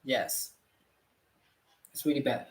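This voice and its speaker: A man with a Burmese accent teaching English in a casual live class, halting and correcting himself while praising students. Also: reverberant.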